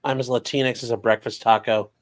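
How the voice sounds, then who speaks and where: A man's voice: mid-range voice, steady tone, fairly quick. Sarcastic comic man commenting. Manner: sarcastic, joking asides. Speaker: host. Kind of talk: comedic commentary.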